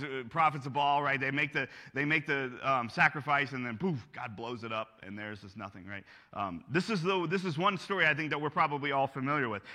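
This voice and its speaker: A man's voice: fairly high pitch, pushed and bright. Man preaching in a ringing hall. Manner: reads scripture with rising emphasis, casual asides. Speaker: pastor. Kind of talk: sermon with scripture reading.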